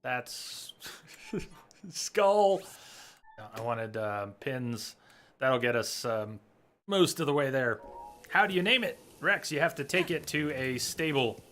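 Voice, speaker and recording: A man's voice: mid-range voice, a little slow, pushed and bright, a little hiss or hum. A man giving chatty live commentary while streaming a game, talking to his viewers and coaxing his in-game horse. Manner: chatty, talks to chat and coaxes his horse.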